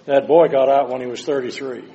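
An older man preaching a sermon, moving between hushed, slow passages and loud, dramatic cries. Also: medium pitch, steady tone, highs cut off.

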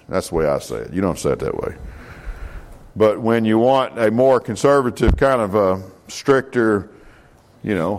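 Man, Bible class teacher, conversational, self-correcting, asks questions. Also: mid-range voice. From United States. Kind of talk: casual Bible class lecture.

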